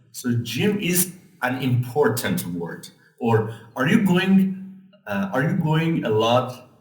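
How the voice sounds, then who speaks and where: A man teaching an English lesson, patiently explaining grammar and pronunciation step by step. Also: mid-range voice. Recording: echoey room, mic at a distance.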